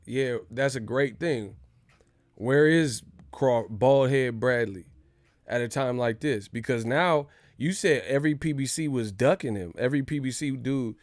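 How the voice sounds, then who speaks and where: A man hosting a casual boxing news livestream, talking in an animated, joking and profane way. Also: medium pitch, measured pace, no echo, studio quality.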